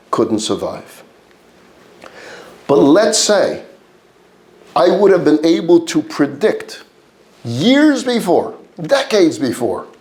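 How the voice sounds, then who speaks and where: A rabbi with a New York accent leads a class in a mid-pitched male voice. He throws rhetorical questions at the room and answers them himself. His delivery stacks repeated phrases into lists as he builds each point. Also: a little mellow. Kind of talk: lecture to a live class.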